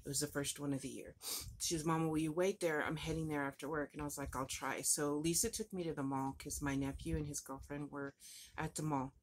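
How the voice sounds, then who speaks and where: A woman's voice: sits low, steady tone, brisk, a little hiss or hum. A woman telling a personal story in a rambling, emotional way, her voice breaking at times. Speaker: vlogger.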